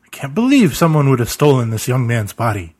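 A man's voice: medium pitch, very animated, fairly quick, a little mellow. A man voicing a flustered male funeral director who anxiously reassures and repeats himself.

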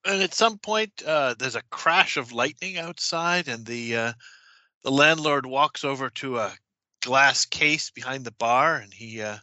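A man narrating as game master of a tabletop horror game, talking haltingly with many restarts. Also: mid-range voice, animated, bright, forceful tone, no room sound, lo-fi sound.

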